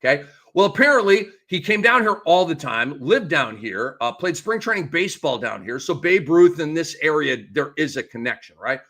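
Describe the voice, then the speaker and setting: Excitable high-pitched male sports host. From lives in the Tampa Bay area. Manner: excitable, ranting, quick shifts in volume. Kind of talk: animated solo sports commentary.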